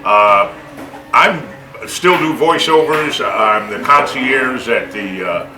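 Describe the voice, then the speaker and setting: An older man, a veteran radio announcer and voiceover artist, talking slowly and unhurriedly, with many pauses. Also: mid-range voice, expressive, bright, forceful tone. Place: reunion gathering in a restaurant. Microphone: camera across the room. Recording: echoey room with music playing.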